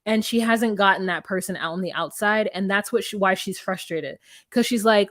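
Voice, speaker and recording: A woman's voice: mid-range voice, normal speed, a bit bright, no echo, clean studio sound. A young woman co-hosting a podcast, recapping a reality show in casual, candid chat and acting out people's lines. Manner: candid, profane, quotes people in voices. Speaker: podcast co-host.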